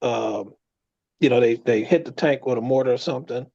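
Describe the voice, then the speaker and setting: A man co-hosting a casual podcast, telling a long story in a lively way. His voice climbs high when he quotes other people. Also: fairly quick, vocal fry, dull audio. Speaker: co-host.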